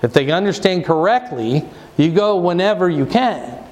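A man's voice: high-pitched, expressive, normal speed, darkish tone. A pastor teaching his church in a conversational, rambling way, full of restarts and asides.

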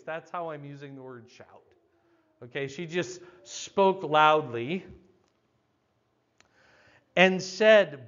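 An older man teaching a Bible passage verse by verse, with a loud, emphatic, explanatory delivery. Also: a little high, a little slow, lo-fi sound.

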